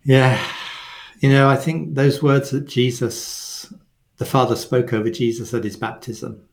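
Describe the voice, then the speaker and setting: A man's voice: medium pitch, level tone, unhurried, gravelly. A man co-hosting a faith webcast, explaining scripture and acting out quoted lines with expression. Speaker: webcast co-host. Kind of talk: teaching faith conversation.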